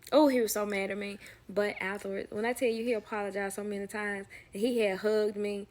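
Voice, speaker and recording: A woman's voice: medium pitch, a little fast. A woman nanny telling work stories in a casual, sassy storytime, acting out the people in them and dropping to a whisper for asides. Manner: animated, sassy, acts out quoted people.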